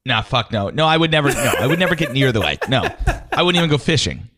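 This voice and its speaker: A male podcast co-host with a mid-range voice that moves around a lot in pitch. He jumps in with wry, quick jokes and casual swearing. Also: big pitch swings, sharp tone. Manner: wry, quick-witted banter with profanity. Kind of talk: casual comedic banter.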